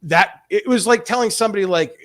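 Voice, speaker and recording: A man's voice: high-pitched, brisk. A man in his forties on a casual livestream, talking in long rambling runs with many restarts and frequent swearing. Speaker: stream host.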